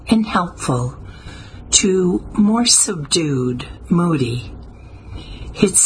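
Brief: woman audiobook narrator, low voice, unhurried, measured delivery. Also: slight background noise, low-quality recording. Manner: measured, even storytelling. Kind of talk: scripted narration.

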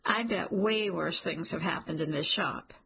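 A woman narrator doing an earnest young man from a romance audiobook, gently teasing and sincere. The voice is very husky and breathy, with a gravelly fry at the ends of phrases. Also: lowish voice, a little slow, exaggerated voice.

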